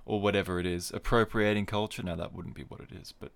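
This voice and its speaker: Male podcast host, lower voice, dry jokey tangents while he runs through results. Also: fairly even intonation, fast, creaky, clear, resonant tone. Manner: wry, digressive, jokey asides. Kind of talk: casual solo podcast commentary.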